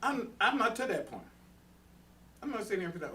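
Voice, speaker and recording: A man's voice: high voice, big pitch swings, a little fast, sharp tone. A man teaching a conversational Bible study sermon, earnest and direct, talking to the room and acting out everyday quarrels. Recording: distant mic with faint background noise.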